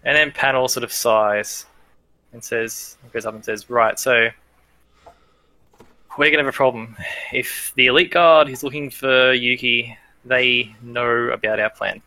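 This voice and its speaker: A man's voice: mid-range voice, steady tone, measured pace, bright, forceful tone, dry recording. A man narrating as game master of a tabletop role-playing game, hesitant and full of fillers and restarts.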